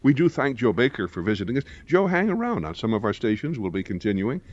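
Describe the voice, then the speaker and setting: A man's voice: on the low side, animated, quick pace, a little mellow. A man hosting a radio talk show, curious and reflective, prompting his guest. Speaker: radio host. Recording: dull lo-fi radio broadcast with faint hiss.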